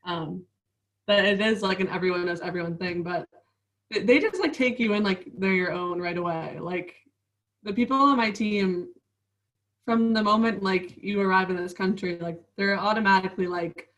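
A woman's voice: mid-range voice, normal speed, a bit bright, recorded from a distance, low-quality recording. A woman in her twenties, a professional basketball player, chatting casually as an interview guest with many fillers and frequent laughs.

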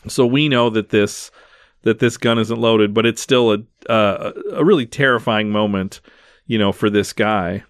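A man with a lowish voice walks through a film scene by scene, casual and chatty, leaning on "like" and "um". He is recorded close and dry, with no room sound. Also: measured pace, clear, resonant tone, no echo. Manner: recaps scenes in detail, many fillers.

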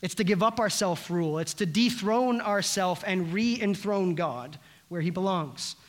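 A young pastor with a notably high voice delivers a sermon. He speaks earnestly and drives his points home with rising, repeated phrases. He sounds like he is in front of a congregation. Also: a little slow. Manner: earnest preaching with rising emphatic repetitions.

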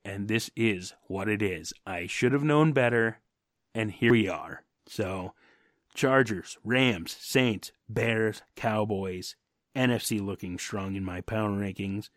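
A man's voice: on the low side, slow pace, fairly bright tone, dry recording, studio quality. A man co-hosting a football podcast, ranting his opinions in a brash and profane way. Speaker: podcast co-host. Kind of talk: casual sports podcast rant.

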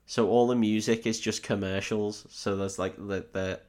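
A man's voice: on the low side, fairly even intonation, moderate pace, a little mellow. Rambling, sweary drunk man. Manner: rambling, sweary, laughing retelling with quoted voices. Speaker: podcast co-host recapping a film. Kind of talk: casual drunken film recap chat.

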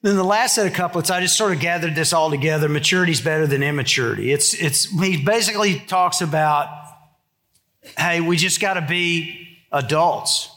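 A man preaches a sermon from the pulpit. His voice sits a bit high, and he talks like he's telling a story to friends, then sinks low and quiet when he makes his serious points. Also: normal speed. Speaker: pastor.

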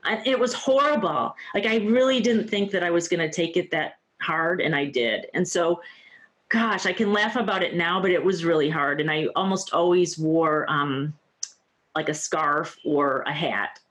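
Guesting on an interview show, a woman in her fifties candidly relates her own story, warm and earnest, with many a "like" and "you know." Her voice is fairly low in pitch and fairly bright in tone, at a normal speed.

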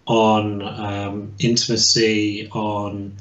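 A man's voice: fairly low pitch, monotone, very slow, a bit bright. Hesitant male historian on an echoey call. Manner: hesitant, many restarts and fillers. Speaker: guest historian. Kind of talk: casual expert explanation. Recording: echoey and dull lo-fi.

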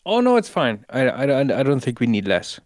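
A man as a podcast guest, talking in a dry, halting way with many restarts. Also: medium pitch, wildly swooping pitch, a little mellow, no room sound. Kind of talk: casual chat.

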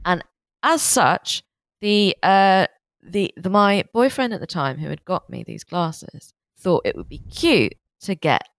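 A woman's voice: on the low side, very animated, slow pace, no room sound. A young woman co-hosting a podcast, chatting playfully in a rambling way with lots of fillers. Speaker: podcast co-host. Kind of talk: casual chat.

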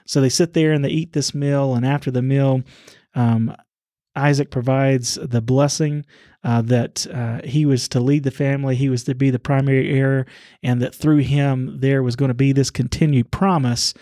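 Mellow-voiced man retelling a Bible story. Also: medium pitch, fairly even intonation, dry recording, clean studio sound. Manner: retells the story loosely, with many "uh" pauses and repeated words. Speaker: son discussing scripture with his father. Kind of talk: casual Bible storytelling conversation.

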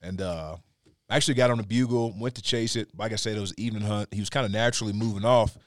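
Guy hosting a podcast, tells stories loud and lively, cusses a lot, dry close sound. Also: lowish voice, rapid-fire, dry recording. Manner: animated storyteller, swears freely, acts out sounds. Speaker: podcast host. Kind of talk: casual storytelling chat.

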